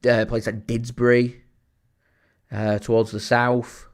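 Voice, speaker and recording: A man chatting casually as a football fan streaming a watchalong, rambling with many fillers and getting excited when reacting to the play. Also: medium pitch, slow. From Greater Manchester, England. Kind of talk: casual watchalong chat with live match reaction.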